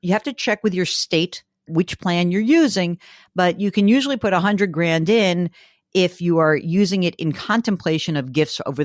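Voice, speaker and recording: A woman hosting a personal finance podcast, answering listener questions in a casual, enthusiastic, chatty way with quick asides. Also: fairly low pitch, dry recording, clean studio sound. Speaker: podcast host giving money advice.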